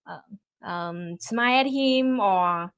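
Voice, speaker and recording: A woman's voice: mid-range voice, slow. A woman with a Vietnamese accent, a native Vietnamese speaker, casually retelling a comic story in a chatty, hesitant way. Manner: hesitant, chatty, many restarts and fillers.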